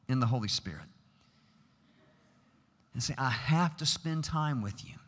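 A man's voice: medium pitch, sing-song, measured pace, long pauses, husky. A middle-aged man preaching a sermon in a large chapel, earnest and emphatic, building to rhetorical questions. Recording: long hall reverb.

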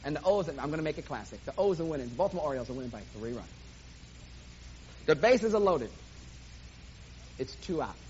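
A man preaching to a live audience, telling a sports story in animated play-by-play style. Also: a little high, a little fast, long pauses. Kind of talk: sermon with sports illustration. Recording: dull lo-fi recording, faint hiss.

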